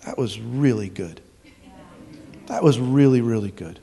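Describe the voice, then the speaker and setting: A man preaching a sermon as pastor, emphatic, with rhetorical questions, swinging from loud to hushed. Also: medium pitch, a little slow, vocal fry.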